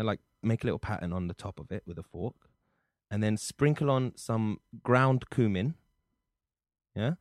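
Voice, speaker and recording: A man's voice: fairly low pitch, darkish tone, no echo. A man hosting a comedy podcast in a studio, teasing his co-host and joking. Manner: joking, teasing, mock-outraged. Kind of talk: casual comedic chat.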